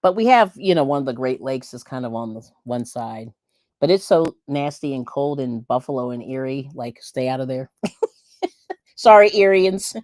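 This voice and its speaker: A woman's voice: very deep voice, expressive, normal speed, a little mellow, no room sound, clean studio sound. A middle-aged woman from Pennsylvania hosting a livestream, chatting casually and laughing often as she reads viewer comments. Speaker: livestream host.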